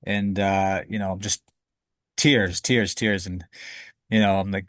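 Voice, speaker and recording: Male guest, low voice, dry sound, candid and emotional storyteller who curses freely. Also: steady tone, a little slow, fairly bright tone, dry recording. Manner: emotional, candid, swears casually. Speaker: podcast guest.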